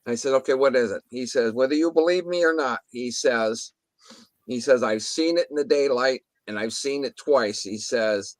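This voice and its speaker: A man's voice: mid-range voice, normal speed, no room sound. A man telling a story in a casual interview, rambling with restarts and mild swearing, acting out what others said. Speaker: guest telling an encounter story.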